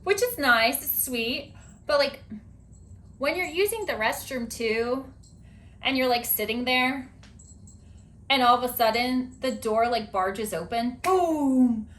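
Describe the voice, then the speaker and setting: A woman hosting a podcast in casual chat, chatty and animated with lots of filler words. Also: fairly high pitch, slow pace, pauses often. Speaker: podcast host.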